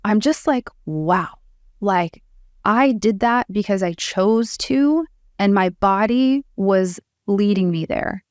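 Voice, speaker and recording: A woman hypnotherapist talks as a podcast guest, emotional and looping back on herself. Her mid-pitched voice sounds dry and close. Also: takes it slowly, a little mellow, no echo. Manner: emotional, rambling, heavy use of "like". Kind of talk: casual conversation.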